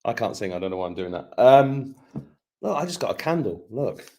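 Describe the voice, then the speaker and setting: A man's voice: medium pitch, a little fast. A man hosting a casual live-streamed chat, joking and playful with his guests over a video call. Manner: playful, jokey, animated. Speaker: host.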